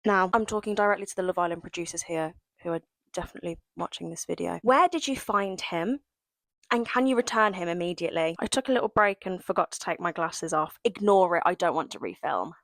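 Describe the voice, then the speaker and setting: A woman's voice: lowish voice, fairly quick, creaky, a bit bright, dry recording. A young woman recapping a reality show in a casual vlog, dramatic and sarcastic, full of mock outrage. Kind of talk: casual reaction commentary.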